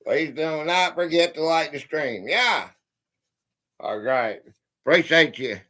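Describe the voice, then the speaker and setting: A man's voice: fairly high pitch, lively intonation, slow, sharp tone. A man hosting a casual live stream, chatting with viewers by name and reading out fortunes to them. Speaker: livestream host. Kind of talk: casual livestream chat.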